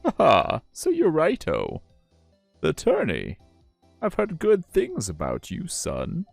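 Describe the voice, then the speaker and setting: A man's voice: fairly high pitch, huge pitch swings, gravelly, no echo, faint music behind, voice pushed up, full character voice. A man voicing a jolly, overfamiliar older male police chief in a fan dub of a courtroom game. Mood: jovial. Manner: hearty and overfamiliar, drawn-out exclamations.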